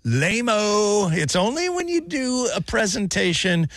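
A man co-hosting a morning radio show, bantering in a jokey, animated way. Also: high voice, unhurried, heavy background noise. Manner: animated, jokey, talks over others.

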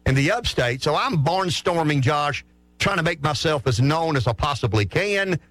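A man with a rural Southern accent, co-hosting a morning radio show and telling stories in an animated, chatty way. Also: fairly high pitch, normal speed, no room sound. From South Carolina. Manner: animated, chatty, acts out voices in his stories. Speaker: radio co-host. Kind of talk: casual radio storytelling.

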